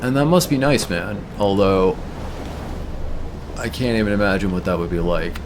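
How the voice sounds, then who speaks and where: A man's voice: lowish voice, normal speed, background noise. A man streaming a game, chatting casually and musing aloud about words as he plays. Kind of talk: casual gameplay commentary.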